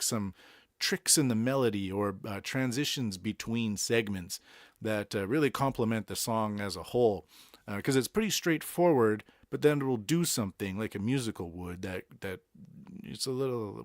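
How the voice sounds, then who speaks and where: A man's voice: mid-range voice, no room sound, studio quality. A man from Boston with a Boston accent, hosting a casual solo podcast and chatting about songs in a rambling way, with many fillers. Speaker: podcast host. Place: Tokyo.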